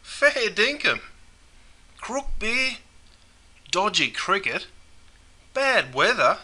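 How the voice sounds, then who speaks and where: Male actor as easygoing Australian larrikin, Australian accent, broad drawl, animated. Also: sits high, very slow, full character voice, rough recording. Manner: broad slangy ocker drawl. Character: laid-back Aussie bloke watching cricket. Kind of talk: scripted comedy sketch.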